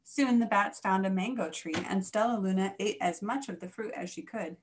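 A woman reading a children's picture book aloud, with clear, expressive storytelling. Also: medium pitch, normal speed, a little hiss or hum.

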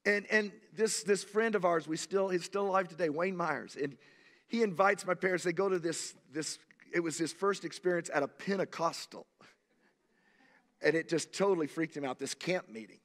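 A pastor in his sixties preaches with animated, emphatic storytelling. His voice sits a little high for a man. The sound carries a long, echoing church reverb. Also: moderate pace. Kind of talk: sermon. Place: church sanctuary.

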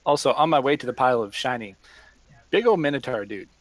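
A man's voice: mid-range voice, animated, fast talker. A man playing a tabletop game, chatting in an easygoing way. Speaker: player. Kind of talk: casual chat at a tabletop game.

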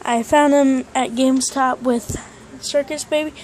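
A woman giving a casual, halting toy unboxing review, playfully putting on a silly accent. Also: high-pitched, fairly even intonation, a little mellow, slight background noise.

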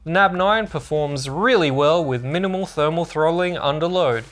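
A man's voice: on the high side, normal speed, a bit bright, soft background music. A man narrating a scripted product review as a tech channel host, upbeat and informative.

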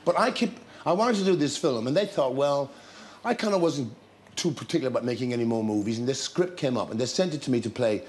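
A man, a talk show guest, telling lively anecdotes with laughter and acted-out scenes. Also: mid-range voice, quick pace, a little hiss or hum. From Ireland. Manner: storytelling with laughter, acting out scenes.

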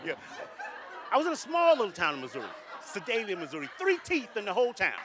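A man's voice: high-pitched, fast talker, crowd noise, background noise. A man performing a stand-up comedy routine, telling stories with jokey asides. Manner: animated storytelling with jokey asides. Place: comedy stage with live audience. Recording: live comedy club audio with laughter.

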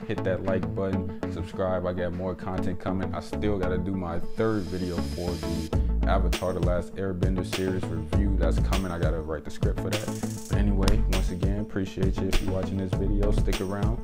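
Deep-voiced man giving a casual review. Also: flat delivery, moderate pace, over loud music. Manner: conversational and opinionated, with frequent "you know" and "like". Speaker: movie reviewer, channel host. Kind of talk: casual spoken film review. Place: indoors at home with windows closed.

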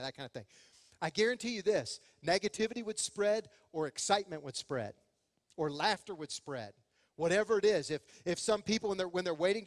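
Animated pastor preaching in a big hall. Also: male voice, sits high. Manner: animated, acts out quoted voices. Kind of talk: sermon. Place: church sanctuary.

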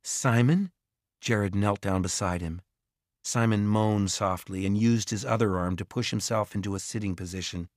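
A man reading a children's fantasy audiobook in a measured, expressive narration. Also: lowish voice, no echo, clean studio sound. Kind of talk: scripted narration.

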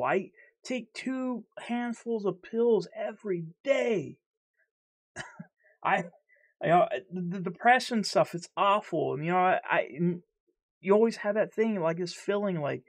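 A man's voice: sits high, animated, unhurried. A man in a candid personal vlog, talking earnestly and heatedly, stuttering and repeating himself. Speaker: vlogger.

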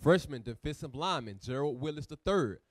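Male reader, steady read-aloud voice, lively pitch. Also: brisk, dry recording, studio quality. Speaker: reader of texts for the teacher. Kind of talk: reading articles aloud.

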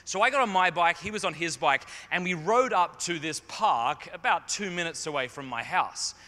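A man's voice: fairly high pitch, lively intonation, moderate pace, pushed and bright. A man telling a humorous, self-deprecating story as a speaker to a youth audience in a large conference hall. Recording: long hall reverb.

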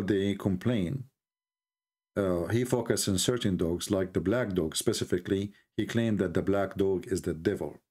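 A man's voice: on the low side, darkish tone. A man hosting a mocking commentary, sarcastic, laughing often, in broken English. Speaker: channel host.

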